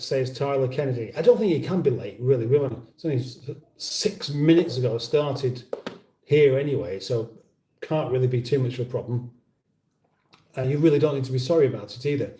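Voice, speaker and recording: Man hosting a live chat, dry humour, rambling, mellow dark voice, echoey room, a bit off-mic. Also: medium pitch, fairly quick, far from the mic. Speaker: livestream host. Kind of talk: casual live chat reading viewer comments.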